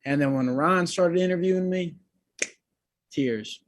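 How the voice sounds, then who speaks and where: A man's voice: a little high, a little slow, no room sound, low-quality recording. Laid-back young man, dry sound. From Georgia, USA. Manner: laid-back, slangy, talks to the host as "bro" and "dude". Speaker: guest, singer. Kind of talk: casual interview storytelling.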